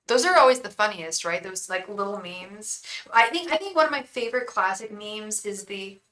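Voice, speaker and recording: Chatty woman tarot reader with a bright voice. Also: medium pitch, animated, moderate pace, low-quality recording. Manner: rambling, chatty, talks straight to viewers by name; casual slang, calls viewers "girl" and "hun". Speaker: tarot reader and psychic on a live stream. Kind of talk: casual live-stream chat and card reading.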